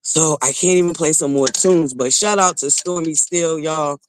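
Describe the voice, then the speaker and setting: A woman hosting a casual morning livestream, excitedly greeting viewers by name and chatting in a lively way. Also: low-pitched, normal speed. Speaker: host of a morning talk stream.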